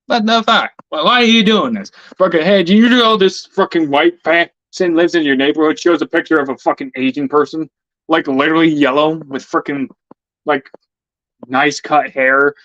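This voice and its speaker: A man's voice: on the high side, moderate pace, fairly bright tone, no room sound. A man in a casual, heated rant, swearing often and stammering over repeated words. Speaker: vlogger. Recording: dull lo-fi dry recording.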